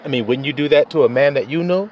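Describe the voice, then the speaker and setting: A man's voice: mid-range voice, fast talker, muffled recording, slight background noise. A man preaching in a casual, emphatic way, cursing freely and chuckling often. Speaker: religious teacher. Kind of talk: informal preaching rant.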